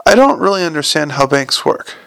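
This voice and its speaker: A wry, hesitant young man, as a male narrator reads him, with a gravelly texture and a slightly high voice. His delivery is plain and unforced. The recording is dry and close. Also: very animated, brisk, a bit bright, dry recording, exaggerated voice.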